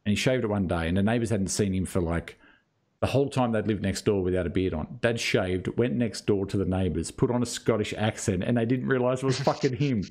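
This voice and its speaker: A man's voice: on the low side, brisk, darkish tone. An Australian man hosting a casual podcast chat with mates, blokey and loose, swearing now and then and cutting in over others. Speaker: podcast host.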